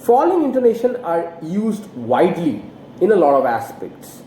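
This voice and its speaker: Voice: medium pitch, very animated, normal speed, mellow. An English teacher giving an online lesson who asks the listener rhetorical questions and swings the voice in exaggerated rises and falls. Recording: roomy echo, faint background noise.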